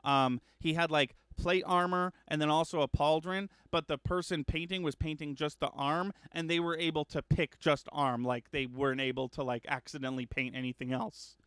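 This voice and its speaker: A man hosting a casual gaming news chat, rambling with lots of ums and uhs and correcting himself, getting excited about upcoming games. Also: fairly high pitch, normal speed, few pauses, clear, resonant tone, no room sound, studio quality. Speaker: gaming news show host.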